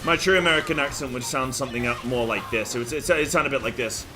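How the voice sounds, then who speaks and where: A man chatting casually on a live stream while gaming, quiet and distracted, repeating himself. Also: medium pitch, fast. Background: game music.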